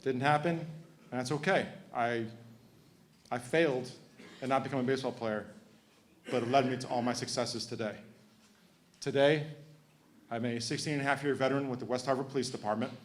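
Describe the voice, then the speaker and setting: A man's voice: medium pitch, steady tone, brisk, pauses often. A man in his thirties from Connecticut giving a heartfelt, emotional acceptance speech, joking with the audience. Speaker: hall of fame inductee.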